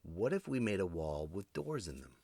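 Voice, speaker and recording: A man hosting his own podcast, rambling through a jokey monologue that swings between loud outbursts and muttered asides. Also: low-pitched, very animated, normal speed, vocal fry, dry recording. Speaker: podcast host. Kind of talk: comedic solo podcast monologue.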